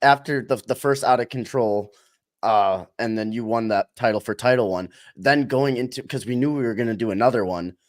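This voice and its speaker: Guest, man, mid-pitched, relaxed and rambling. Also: brisk, no echo, clean studio sound. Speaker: podcast guest, wrestler. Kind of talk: casual interview chat.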